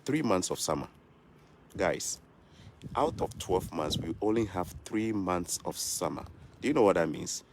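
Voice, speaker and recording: Addressing his viewers directly, a young vlogger from Africa speaks in a low, expressive, unhurried voice. His casual, earnest talk circles back over the same points in a preacher-like way, with a little noise in the background.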